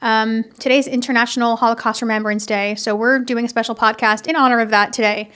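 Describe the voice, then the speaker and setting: A young woman hosting a casual, heartfelt podcast, talking earnestly and haltingly, with many restarts and fillers. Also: fairly high pitch, steady tone, fairly bright tone, clean tone. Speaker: podcast host. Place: home in Florida.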